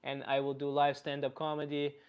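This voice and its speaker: A man's voice: on the high side, a little fast, smooth, natural voice. A man playing a blunt, crude older Slavic uncle with a put-on Russian accent, chatting through a live comedy stream. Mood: upbeat. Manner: blunt, deadpan, reading chat aloud.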